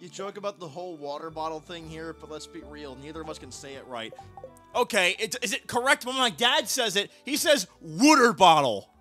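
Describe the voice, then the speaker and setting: A young man chatting casually while streaming a game, playful and breaking into loud teasing shouts. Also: fairly high pitch, animated, fairly quick, faint music behind. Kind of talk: casual gaming chat.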